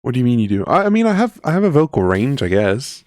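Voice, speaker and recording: A man's voice: medium pitch, big pitch swings, quick pace, darkish tone, no room sound, clean studio sound. A man in his twenties streaming a game, chatting casually, laughing often and rambling with lots of fillers. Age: 20s. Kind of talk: casual live-stream chat.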